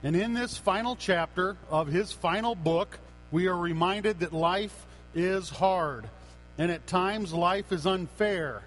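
Male pastor, high voice, preaching a sermon in an earnest, unhurried way, with fillers and restarts. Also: fairly bright tone, low-quality recording.

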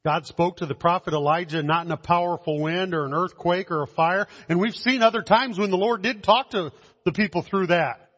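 A man preaching a communion sermon, slow and measured, with dramatic pauses and soft drops in his voice. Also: high-pitched. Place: church hall. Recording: dull sound in a long-echoing hall.

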